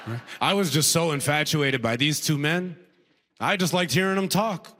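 A man telling a stand-up comedy story, animated and chuckling at his own jokes. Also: normal speed, slight background noise. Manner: animated, swings from high to low for punchlines.

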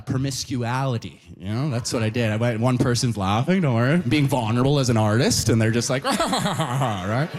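A male stand-up comedian from Canada telling an animated story, tagging nearly every line with "right?" or "you know?". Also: mid-range voice.

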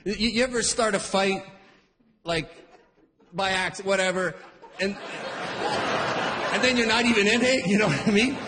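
A man's voice: on the high side, fairly bright tone. A man doing stand-up, telling a rambling, conversational story with stammered restarts. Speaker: stand-up comedian. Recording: echoey hall with background noise.

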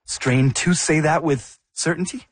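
A man's voice: fairly high pitch, measured pace, slightly rough, dry recording. A man co-hosting a podcast, casually asking curious, skeptical follow-up questions. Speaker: podcast co-host.

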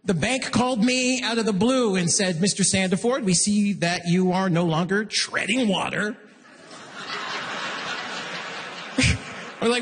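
Stand-up comic, male, husky, animated storyteller, long hall reverb. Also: moderate pace, long pauses. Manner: animated, jumps into high excited voices for acted quotes. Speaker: stand-up comedian.

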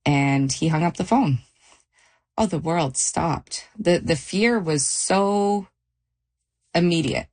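A middle-aged woman retelling a frightening night in a halting, shaken interview. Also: fairly low pitch, lively intonation, a little mellow. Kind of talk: personal testimony interview.

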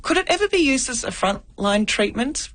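A woman presenting a radio health show, lively and jokey with her co-hosts. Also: high voice, moderate pace.

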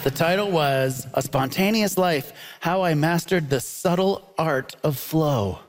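A man hosting a live comedy debate show, playful and quick, laughing often. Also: fairly high pitch. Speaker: game show host. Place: theatre with live audience. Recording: noisy live audience.

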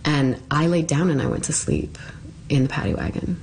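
Low-voiced woman telling her story. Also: sing-song, gravelly, darkish tone, slight background noise. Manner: casual, halting, many fillers. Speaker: interviewee. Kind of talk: personal storytelling.

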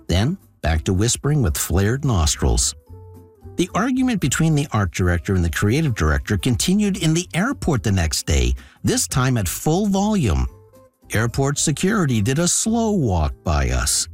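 A man tells a personal story with a dry, wry sense of humor. His pitch swings widely from line to line, and his voice has a husky edge. Faint music plays underneath. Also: a little mellow.

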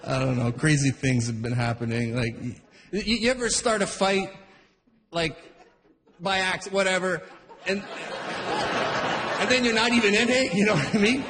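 A man's voice: high-pitched, moderate pace, long pauses, long reverb tail, a crowd in the background. A middle-aged man doing a stand-up set, rambling through stories and cutting himself off mid-sentence. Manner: rambling, self-interrupting storyteller. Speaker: stand-up comedian.

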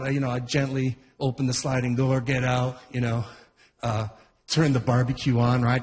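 A man doing stand-up, telling a rambling, animated story with duck impressions. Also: mid-range voice, moderate pace, long reverb tail. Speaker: stand-up comedian.

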